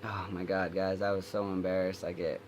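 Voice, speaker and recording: A man's voice: low-pitched, little pitch movement, fairly quick, highs cut off, a little hiss or hum. Rambling young man telling a story. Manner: rambling, filler-heavy retelling. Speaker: vlogger. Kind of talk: storytelling vlog.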